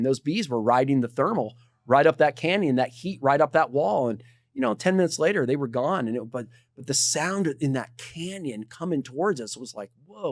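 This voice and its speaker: A man's voice: on the high side, no echo, studio quality. Laid-back man telling climbing stories. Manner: animated, laid-back storyteller saying dude. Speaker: podcast guest, climber. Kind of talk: casual storytelling.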